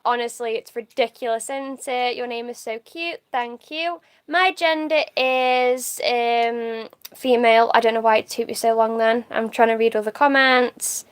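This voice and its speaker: A woman's voice: fairly high pitch, a bit bright, clean tone. A woman from the UK chatting on a livestream, reading out comments, laughing easily and swearing casually. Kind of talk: casual live-stream chat reading comments.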